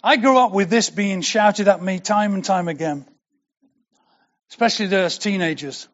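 A man's voice: high-pitched, moderate pace, lo-fi sound. An older man preaching a sermon as pastor, earnest and building to emphatic declarations.

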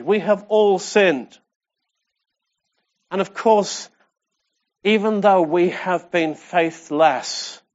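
A man's voice: sits high, muffled recording. A man preaching a sermon with passion, repeating phrases and asking the congregation questions. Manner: impassioned, rhetorical questions and repetition.

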